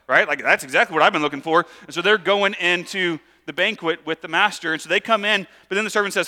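A man preaching a sermon in a casual, conversational way, acting out lively asides. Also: on the high side, quick pace, few pauses, in a large hall. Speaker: pastor.

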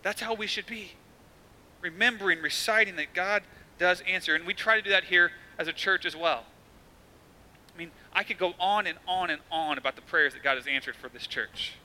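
A man in his thirties preaches as a pastor in a relaxed, conversational way, telling stories and slipping into acted-out voices for quotes. His voice is high and very bright, and he keeps a moderate pace. The recording quality is low.

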